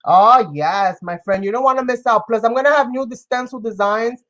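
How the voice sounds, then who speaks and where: A woman's voice: fairly high pitch, normal speed, a bit bright, muffled recording. Effusive New woman hosting a craft stream. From New York. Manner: effusive, greets and thanks viewers by name. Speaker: craft live-stream host. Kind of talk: casual live-stream chat while crafting.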